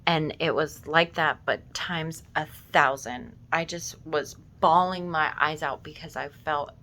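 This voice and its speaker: Low-voiced woman recounting. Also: pushed and bright. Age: 30s. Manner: slow, reflective, emotional, swears casually. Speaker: vlogger. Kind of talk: personal storytelling.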